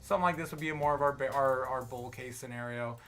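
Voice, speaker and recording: Soft music plays behind a fast-talking American livestream host whose mid-range voice is steady and fairly bright. A little tipsy, he rambles through casual market commentary with plenty of fillers and restarts.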